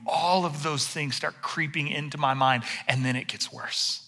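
A middle-aged male pastor telling a self-deprecating personal story in an animated sermon. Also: fairly high pitch, moderate pace, hardly any pauses.

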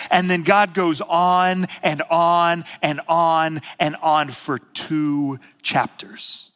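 A man's voice: on the high side, fairly even intonation, drawn-out words, hardly any pauses, a bit bright, clean tone. A man preaching a sermon as a pastor, telling a story with repeated, emphatic phrases and casual asides.

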